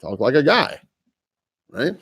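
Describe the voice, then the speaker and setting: A man with a lower voice, a real estate agent hosting a live prospecting podcast, talking in a casual, folksy, rambling way with restarts. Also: huge pitch swings, takes it slowly, a bit bright, husky. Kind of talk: live phone prospecting session with coaching asides.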